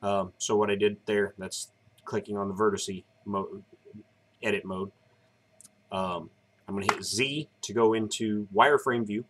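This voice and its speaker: Guy in his 30s live streaming, tired and yawny, rambly, kinda low voice. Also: unhurried, a little hiss or hum. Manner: relaxed, rambling, explains step by step. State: tired, yawning. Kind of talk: casual live-stream chat.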